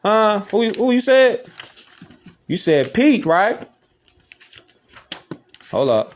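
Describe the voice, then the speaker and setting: A man's voice: high voice, very animated, drawn-out words. A man hosting a casual lecture, talking emphatically in slangy street talk and repeating rhetorical questions. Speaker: host. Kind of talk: casual lecture showing images.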